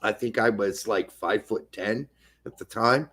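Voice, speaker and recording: A middle-aged man and podcast co-host, telling a story in profane, animated casual chat. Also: lowish voice, measured pace.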